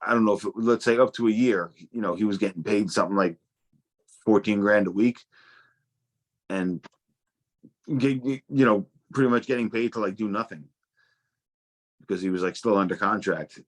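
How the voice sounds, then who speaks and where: A man's voice: lowish voice, moderate pace, long pauses. A young adult man telling casual stories as a guest, swearing freely and stumbling through restarts. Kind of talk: casual storytelling.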